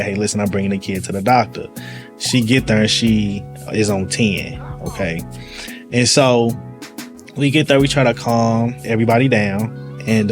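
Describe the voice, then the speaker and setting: St guy spinning a story, slangy, does all the voices, faint music behind. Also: on the low side. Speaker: police sergeant guest. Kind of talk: casual storytelling conversation. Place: live event venue.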